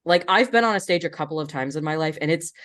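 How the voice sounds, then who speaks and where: A woman hosts a casual podcast chat with a somewhat low-pitched voice. She talks freely and thoughtfully and asks her guest open questions. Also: quick pace, fairly bright tone. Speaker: podcast host.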